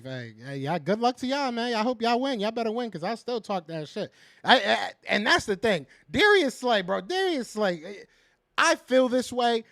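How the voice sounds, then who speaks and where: A man's voice: high-pitched, gravelly, a bit bright, no room sound, clean studio sound. A man hosting a casual fan podcast, ranting in frustration, repeating himself and answering viewers' chat. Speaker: podcast host reading live chat.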